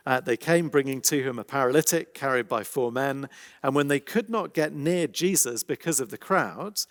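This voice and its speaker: A man with an English accent giving a conversational church talk on a Bible passage, animated, dropping to hushed emphasis. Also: mid-range voice. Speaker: preacher. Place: church hall. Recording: long reverberant hall.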